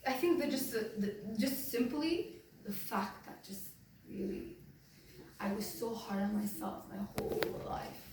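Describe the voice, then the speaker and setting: A woman speaking earnestly to a group in a question-and-answer session, filling her talk with "like" as she shares personal feelings. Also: medium pitch. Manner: earnest, emotional, lots of "like" fillers. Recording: very echoey room, far from mic, faint noise.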